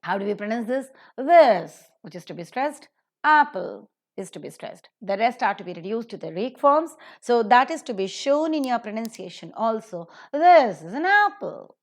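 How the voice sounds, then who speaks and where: A woman teaching pronunciation in a recorded lecture, slowing down to stress example sentences. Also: fairly high pitch, lively intonation.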